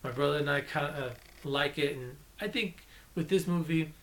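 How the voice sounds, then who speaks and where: A man's voice: fairly high pitch, moderate pace, fairly bright tone, slight background noise. A man giving a casual, rambling movie review, enthusiastic and often correcting himself mid-sentence.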